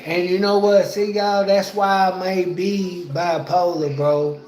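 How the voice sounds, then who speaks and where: A man talks casually on a livestream from home, rambling and repeating himself with plenty of slang. His voice sits high for a man and he takes his time with each phrase. The sound bounces around an echoey room. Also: little pitch movement, takes it slowly, a little mellow. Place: at home indoors.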